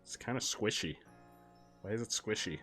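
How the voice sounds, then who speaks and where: A young man streaming a game, chatting casually, switching between muttered asides and loud excited outbursts. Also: fairly low pitch, moderate pace, soft background music. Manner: excitable, shifts from mumbling asides to loud exclamations. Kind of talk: casual live-stream commentary while gaming.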